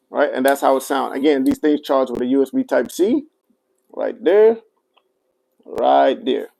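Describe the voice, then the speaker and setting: Man, gravelly voice, casual livestream product demo, answers viewer comments. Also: mid-range voice, mellow, low-quality recording. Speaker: livestream seller.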